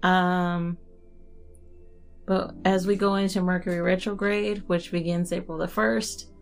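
A young adult woman hosting a casual podcast and doing a tarot reading, chatty and quick to laugh. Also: fairly low pitch, creaky, soft background music. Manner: chatty, laughs often, relaxed and warm-hearted. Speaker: podcast host and tarot reader.

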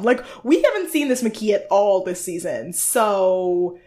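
A woman co-hosting a podcast, chatting casually about a TV show, swearing freely and acting out what people said with quick laughs. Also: medium pitch, lively intonation, darkish tone. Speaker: podcast co-host. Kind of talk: casual chat recapping a reality show.

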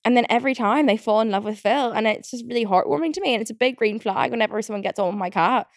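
Fast-talking and fairly high-pitched, a young British woman hosts a podcast in clean studio sound without echo. The chat is casual, turning into riled-up rants packed with fillers, swearing and frequent laughter.

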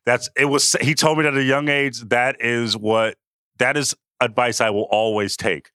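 A man's voice: mid-range voice, steady tone, moderate pace, bright, forceful tone, clean tone, no echo, clean studio sound. A man co-hosting a sports podcast, chatting loosely and trailing off with fillers. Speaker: podcast co-host. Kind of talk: casual sports chat.

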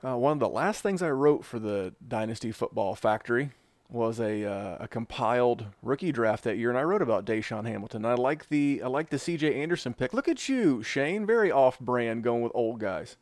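A man hosting a casual podcast mock draft, teasing the other analysts in quick banter. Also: mid-range voice, animated, no echo. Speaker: host running a mock draft.

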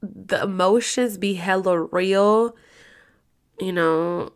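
A woman vlogger chatting to her viewers, her voice full of gravelly fry. She rambles through a personal story with plenty of swearing, talking straight to the camera in an easygoing, unscripted way. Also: mid-range voice, slow pace.

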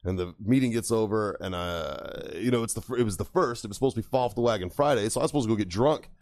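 Low-voiced foul-mouthed podcast host. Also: male voice, quick pace, a little mellow. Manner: profane, swears constantly; rambling, laughs at own stories. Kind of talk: casual storytelling chat.

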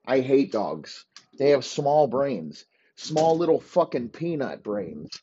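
A man's voice: medium pitch, very animated, takes it slowly, mellow, dull audio, a little hiss or hum. A man hosting a podcast, ranting profanely in a rambling comic monologue. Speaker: podcast host. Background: dogs barking.

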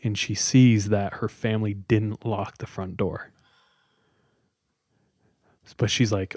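A man with a fairly low voice tells a spooky tale in a relaxed podcast chat, slowing for dramatic pauses and filling with "like." The sound is dry and close, with no room around it. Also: no room sound. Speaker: podcast host telling a story. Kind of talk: casual storytelling.

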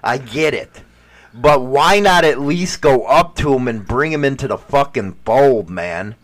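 Blunt, slow-talking man hosting a podcast. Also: mid-range voice, expressive. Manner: blunt and profane. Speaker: podcast host. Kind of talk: casual podcast chat.

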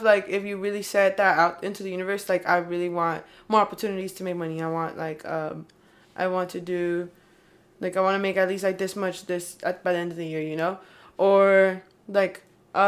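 Young adult woman, mid-range voice, loose rambling chat delivery full of fillers. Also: medium pitch. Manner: rambling, heavy use of "like" and "um". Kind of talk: casual chat.

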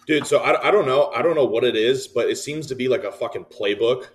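A young man talks in a middle-pitched voice, stopping and restarting his sentences and leaning on fillers. He sounds casual and unhurried in the podcast chat. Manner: halting, filler-heavy.

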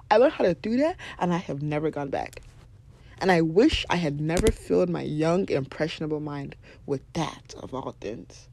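A young woman hosting a podcast, giving blunt, animated motivational talk, swearing freely and laughing often. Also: lowish voice, moderate pace, no echo. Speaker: podcast host.

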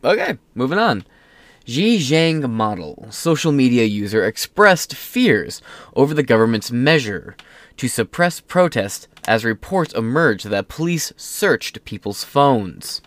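A man's voice: mid-range voice, big pitch swings, measured pace, no room sound. A man hosting his own solo commentary show, reading news aloud in a casual, rambling, sarcastic way, tripping over words and swearing offhand. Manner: stumbles while reading aloud. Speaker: political commentary host.

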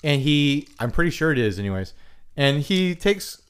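A man's voice: a little high, big pitch swings, moderate pace, clean tone. A man co-hosting a podcast in casual chat, joking and teasing his friend. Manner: joking, teasing, mock-indignant. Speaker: podcast co-host.

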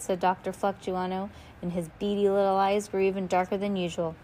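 A woman's voice: medium pitch, brisk, few pauses, a little hiss or hum, poor audio. Woman reading a children's novel aloud. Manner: casual read-aloud with asides and self-corrections; lively character voices. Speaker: reader.

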